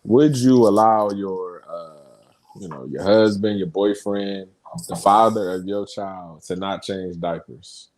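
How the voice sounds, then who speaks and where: A man co-hosting a casual podcast, chatting about sports and news in an animated, storytelling way and quoting others. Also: deep voice, slow. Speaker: podcast co-host. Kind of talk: casual chat and sports talk.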